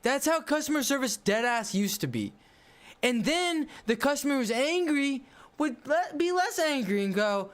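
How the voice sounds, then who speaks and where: A man's voice: very high-pitched, very animated, moderate pace, fairly bright tone. A man livestreaming a game and chatting casually, ranting bluntly in slang. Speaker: gaming livestreamer. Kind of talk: casual livestream chat while playing.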